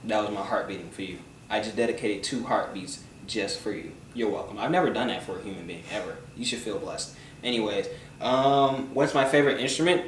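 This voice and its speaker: A man's voice: lowish voice, fairly quick. Young man, casual joking vlog talk, trails off into mumbles, echoey room, mic far away, faint hiss. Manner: loose, swearing, jokey, trails off into mumbles. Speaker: vlogger answering viewer questions. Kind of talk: casual chat. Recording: roomy, from a distance, faint background noise.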